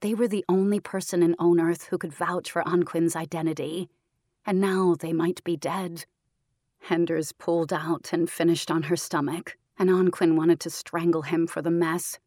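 A woman narrating a story in a calm, measured, even reading, close to the mic. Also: lowish voice, no room sound. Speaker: audiobook narrator. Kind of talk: scripted narration.

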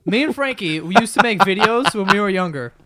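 Joking young man, slightly high voice. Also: lively intonation, brisk, sharp tone, dry recording, studio quality. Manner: joking, laughs often, crude humor. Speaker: podcast host. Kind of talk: casual drinking chat.

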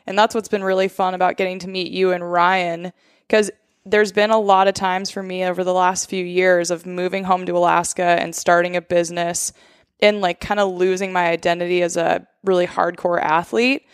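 A woman's voice: lowish voice, flat delivery, moderate pace, smooth, dry recording, studio quality. A woman in her thirties hosting a casual conversation, speaking earnestly and reflectively. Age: 30s.

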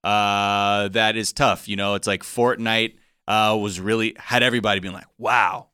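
A man co-hosting a podcast, riffing in a relaxed, jokey, slangy way. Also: on the low side, normal speed, clear, resonant tone, dry recording, clean studio sound. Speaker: podcast co-host. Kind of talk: casual chat.

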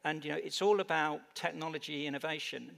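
A man's voice: a little high, a little fast, creaky, a bit bright. A man with an English accent, speaking on a conference panel, hesitant with many fillers and restarts. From United Kingdom. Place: conference stage. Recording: reverberant hall on stage mic.

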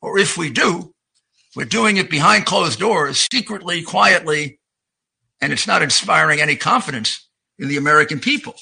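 A man's voice: on the high side, normal speed, vocal fry, sharp tone, slightly rough, rough recording. A man who was once a prosecutor and a mayor, answering in an earnest, emphatic way. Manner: earnest and emphatic, with some restarts. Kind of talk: interview answer.

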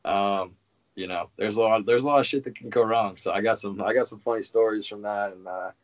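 A young man from Massachusetts, speaking as a guest in a loose, easygoing way, often tossing in "man" and a curse or two. His voice sits on the low side. The audio is somewhat dull and lo-fi. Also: fairly even intonation, fairly quick. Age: young adult. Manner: laid-back, swears freely, says "man" a lot. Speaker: guest, pro baseball player. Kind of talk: casual interview chat.

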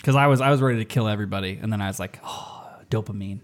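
A man's voice: fairly low pitch, very fast. A man co-leading a pipe band, chatting casually and telling stories with lots of swearing and laughter. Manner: profane, animated storytelling with laughter. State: sleep-deprived. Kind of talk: casual podcast chat.

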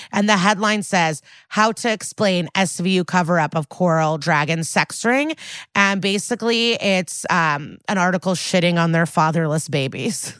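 A woman's voice: lowish voice, fairly bright tone, dry recording, clean studio sound. A young adult woman co-hosting a podcast, casually recapping a TV episode in a chatty, sarcastic way and swearing freely. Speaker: podcast co-host.

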